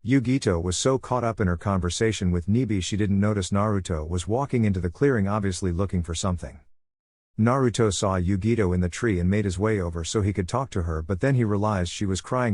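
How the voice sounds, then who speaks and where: Low-voiced man narrating a story. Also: darkish tone, no room sound, studio quality. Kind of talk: scripted fan-fiction narration.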